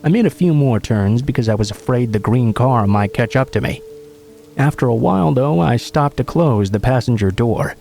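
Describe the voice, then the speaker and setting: A man reading a true scary story aloud in measured, dramatic narration. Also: medium pitch, lively intonation, creaky, warm tone, slight background noise.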